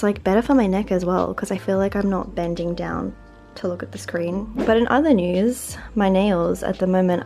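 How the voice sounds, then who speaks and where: An Australian woman around thirty talks to her camera at home in a loose, chatty vlog style, with filler words running all through her sentences. Her voice has a gravelly, creaky texture, and soft music plays faintly underneath. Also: fairly low pitch. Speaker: lifestyle vlogger. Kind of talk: casual vlog narration to camera.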